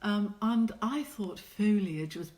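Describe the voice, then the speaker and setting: A woman's voice: mid-range voice, takes it slowly, darkish tone. A middle-aged woman, a watercolour artist, chatting casually while she paints and teasing her viewers as she reads out their comments. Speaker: watercolour artist hosting a live painting session.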